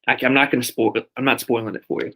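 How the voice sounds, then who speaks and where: A man's voice: mid-range voice, steady tone, rapid-fire, fairly bright tone. A man co-hosting a casual podcast, describing a ride with enthusiasm. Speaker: podcast co-host.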